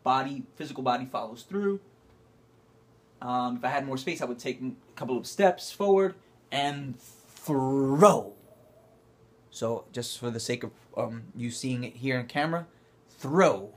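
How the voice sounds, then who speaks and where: A man teaching acting talks to the camera and calls out cues as he demonstrates movement exercises. His medium-pitched voice is unhurried in a coaching manner, rising to loud, effortful bursts.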